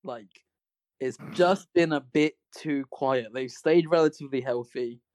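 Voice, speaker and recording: A man's voice: mid-range voice, unhurried, a little mellow, no room sound. A man co-hosting a sports podcast, rambling with comic asides in casual chat. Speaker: podcast co-host.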